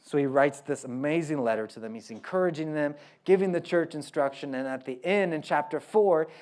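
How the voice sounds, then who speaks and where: High-voiced Oklahoman pastor preaching. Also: brisk, a little mellow. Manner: folksy, joking asides, repeats key lines for emphasis. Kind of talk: sermon.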